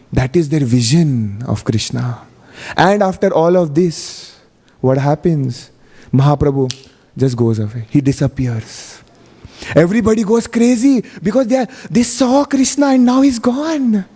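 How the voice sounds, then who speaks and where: A man's voice: on the high side, expressive, measured pace, mellow, slightly rough. A man giving a storytelling sermon at a temple, chatty and full of "you know", often putting questions to his audience. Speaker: guest speaker at a temple feast class. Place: temple hall. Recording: long hall reverb.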